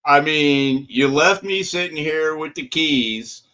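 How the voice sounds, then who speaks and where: A man's voice: a little high, takes it slowly, pushed and bright. A man co-hosting a podcast, joking around and laughing often in casual chat. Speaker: podcast co-host.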